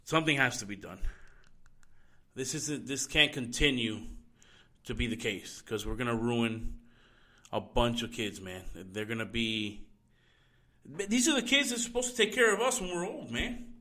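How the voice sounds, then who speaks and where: Profane, forceful-voiced podcast host. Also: male voice, mid-range voice, lively intonation, moderate pace, pauses often. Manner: profane, heated ranting. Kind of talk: solo opinion podcast rant.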